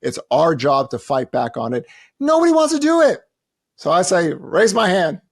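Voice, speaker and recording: A man's voice: huge pitch swings, normal speed, gravelly. A man on a podcast, an analyst ranting emphatically and mockingly about a topic he dismisses. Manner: emphatic, mocking, jumps into high-pitched quoted voices. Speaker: lead analyst, podcast regular. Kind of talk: animated podcast rant.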